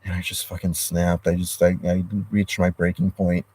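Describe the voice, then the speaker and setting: A man talks into a livestream from inside a parked car, his voice deep and low. His tone is dark and mellow. He rambles, swears often and restarts sentences as his frustration spills out. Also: monotone, normal speed, slightly rough. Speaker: livestreamer reading chat comments. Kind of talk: rambling live-stream chat.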